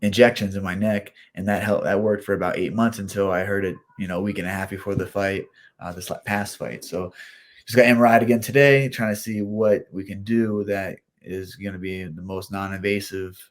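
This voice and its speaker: A man in his thirties speaks in a fairly low voice. He tells stories loosely and casually as an interview guest, often restarting and repeating words. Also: level tone, fairly quick. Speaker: professional fighter guest.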